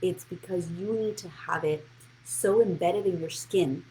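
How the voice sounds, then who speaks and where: A woman's voice: fairly low pitch, a little slow, dark tone, a little hiss or hum, poor audio. A woman hosting a live-streamed motivational money talk, speaking bluntly and encouragingly and answering viewers' comments by name. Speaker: financial coach and show host.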